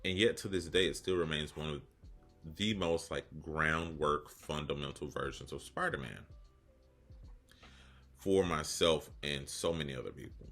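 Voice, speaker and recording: A man in his thirties with an extremely deep voice that still has a bright, forward edge, talking through a casual video essay. He rambles off on joking side tracks and pokes fun at himself, with faint music underneath. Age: 30s. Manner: rambling, joking asides, self-deprecating.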